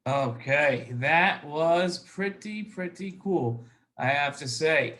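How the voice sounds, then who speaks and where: A man's voice: fairly high pitch, lively intonation, slow pace, pushed and bright. A man hosting a children's educational show, upbeat and enthusiastic, repeating phrases for young viewers while recording on his own. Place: alone in a recording space.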